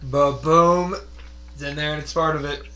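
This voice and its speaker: A man's voice: fairly high pitch, steady tone, normal speed. A young man co-hosting a podcast in a crude, joking, swear-heavy casual chat, with mains hum behind. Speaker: podcast co-host.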